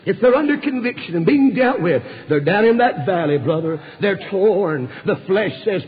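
A man's voice: high-pitched, animated, moderate pace, few pauses, slightly rough. A male preacher, preaching an impassioned storytelling sermon full of "uh" fillers. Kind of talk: fervent sermon. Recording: dull recording with long hall reverb.

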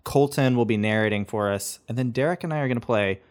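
A man's voice: medium pitch, fast talker, darkish tone. A man co-hosting a comedy podcast, chatting in a playful, laughing way. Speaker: podcast co-host. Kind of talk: casual comedic chat.

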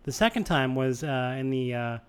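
A young man from the Boston area telling a long anecdote in casual chat, rambling and animated, with many restarts. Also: medium pitch, normal speed, clean tone. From Boston area, USA.

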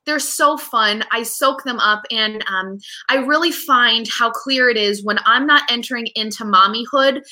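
A woman in her thirties, a real estate agent and mother, chatting as a guest in an animated, talkative way with many fillers and restarts. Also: fairly high pitch, normal speed, hardly any pauses. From United States. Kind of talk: casual interview chat.

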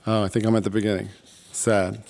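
A man's voice: medium pitch, steady tone, moderate pace, gravelly, noisy background. A man hosting a live stage show, chatty and self-deprecating as he talks to the audience. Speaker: show host.

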